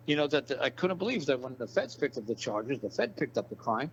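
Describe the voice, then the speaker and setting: A man's voice: mid-range voice, sing-song, quick pace, few pauses, fairly bright tone. A man giving a casual interview, blunt and profane, rambling through stories and repeating his points. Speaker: interview guest. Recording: dull lo-fi audio with background hiss.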